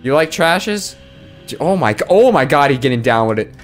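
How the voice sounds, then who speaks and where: A man's voice: medium pitch, sing-song, normal speed, soft background music. A man doing let's play commentary in a sarcastic, jokey way, scolding the game character and swearing in sudden outbursts. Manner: swears and exclaims in bursts. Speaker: gaming video creator.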